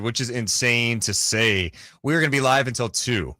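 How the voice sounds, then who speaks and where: A man co-hosting a live sports radio show in casual, chatty talk, reacting quickly and reading viewer comments aloud from a studio. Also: mid-range voice, bright, forceful tone, dry recording.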